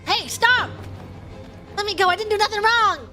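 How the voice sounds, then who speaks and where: A woman streamer reacting loudly and excitably as she plays through a story game. Her voice is high, bright and very lively, with faint music under it. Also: moderate pace. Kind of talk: casual game playthrough commentary.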